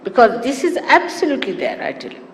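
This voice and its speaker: A woman giving a spiritual talk to followers, animated and teasing with amused asides. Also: a little high, quick pace. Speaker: spiritual teacher. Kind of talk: sermon-style spiritual talk. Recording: echoey hall with faint hiss, archive 1989 tape.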